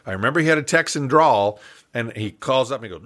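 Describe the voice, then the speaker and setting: An older man, an entrepreneur guest in an interview, telling a story in a lively, animated way with frequent laughs. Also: mid-range voice, fast.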